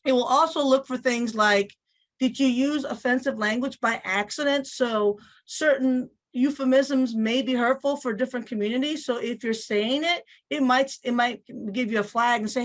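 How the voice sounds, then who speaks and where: A woman teacher with a Spanish accent and a slight lisp, explaining a software tool step by step. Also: on the high side, normal speed. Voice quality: slight lisp on some words. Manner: explanatory, repeats phrases, voices on-screen prompts. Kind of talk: instructional screen-share walkthrough.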